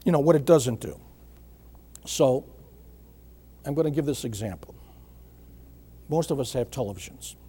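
A middle-aged man preaching a sermon in a measured way, repeating phrases and often clearing his throat. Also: medium pitch, lively intonation, dark tone. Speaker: pastor.

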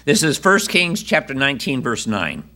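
Male preacher, bright forceful tone, reads scripture then chats with the congregation. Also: mid-range voice, very animated, normal speed. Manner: conversational asides to listeners. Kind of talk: sermon with Bible reading.

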